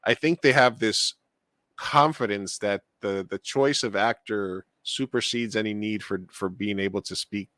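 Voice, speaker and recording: A man co-hosting a podcast in casual chat, rambling and animated, with lots of fillers and restarts. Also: on the low side, unhurried, no room sound, clean studio sound. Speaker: podcast co-host.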